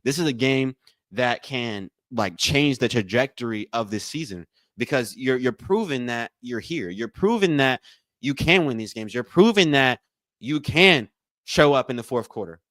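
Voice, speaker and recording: A man hosting a live watch-along stream, calling plays, thanking donors, and repeating himself with excitement. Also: mid-range voice, moderate pace, dry recording. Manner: excitable, repeats phrases, says y'all a lot. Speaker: livestream watch-along host. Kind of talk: live game commentary and chat.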